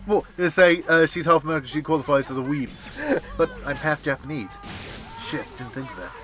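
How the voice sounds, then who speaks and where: A man's voice: on the high side, fairly even intonation, a little fast, a bit bright. A man co-hosting a let's-play stream, trading absurd jokes and questions. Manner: jokey, absurd banter. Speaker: co-host of a gaming stream. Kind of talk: casual let's-play commentary.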